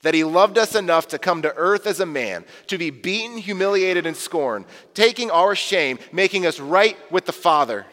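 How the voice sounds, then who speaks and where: A male pastor preaches in an earnest, animated way, slipping briefly into the voices of the people he quotes. His voice sits a little high for a man. A long reverb trails after each phrase. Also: normal speed, hardly any pauses. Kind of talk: sermon.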